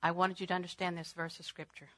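A woman preaching a sermon, swinging from loud, emphatic declarations to hushed, near-whispered lines, repeating phrases for emphasis. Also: on the low side, little pitch movement, fast, a little hiss or hum.

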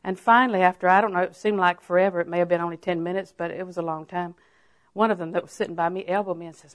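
An older woman preacher giving a sermon, telling homely stories and then rising into emphatic, drawn-out exhortations. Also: mid-range voice. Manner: folksy storytelling that rises to emphatic, drawn-out exhortation.

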